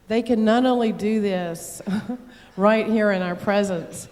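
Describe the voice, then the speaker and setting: A woman of average pitch gives an earnest, measured testimonial, speaking with the care of a self-described skeptic. Her voice carries a long hall reverb. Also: darkish tone. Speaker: convention delegate giving testimony. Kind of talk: spoken testimonial.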